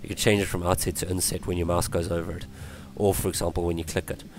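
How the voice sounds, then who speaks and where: A man explaining web page coding in a screen-recorded tutorial, his voice worn from illness, halting with many ums and restarts. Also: sits low, flat delivery, a little mellow, slight background noise. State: voice going from illness. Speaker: tutorial presenter.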